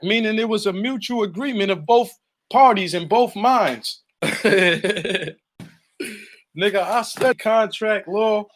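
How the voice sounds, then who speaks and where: A man from the Baltimore area talks in a somewhat high voice. He delivers a profane, boastful monologue full of slang and combative trash talk. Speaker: online commentator.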